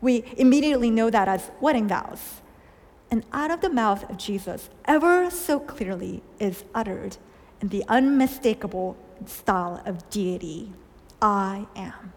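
A woman preacher giving a sermon, telling stories and asking questions, with soft hushed lines for quoted words. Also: a little high, lively intonation, normal speed. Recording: long hall reverb.

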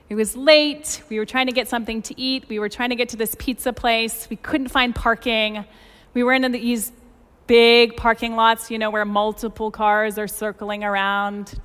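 A woman in her forties delivers a sermon, with a voice a touch higher than most women's. She tells stories with lively emphasis, and the sound carries a long hall reverb. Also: smooth. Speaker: pastor.

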